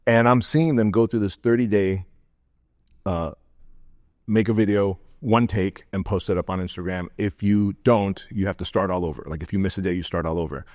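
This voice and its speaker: Brief: middle-aged male guest from the former Soviet Union, deep voice, dry close sound, punchy anecdotes. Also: normal speed, dry recording. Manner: energetic, blunt, slangy, acts out quotes. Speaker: podcast guest, entrepreneur. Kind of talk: casual podcast interview storytelling.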